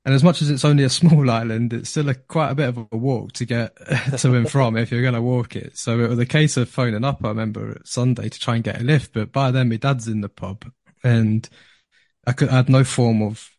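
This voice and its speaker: A man, a podcast guest telling a story in a casual, animated way, laughing often and repeating words when excited. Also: medium pitch, fairly quick, no echo, clean studio sound.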